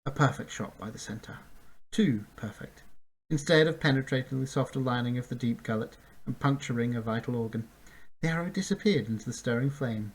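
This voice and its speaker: A man's voice: mid-range voice, brisk, breathy edge, low-quality recording. A man narrating a fantasy story aloud, reading with small slips and restarts. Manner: reads with slips and restarts, occasional laughs. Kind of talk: amateur audiobook reading.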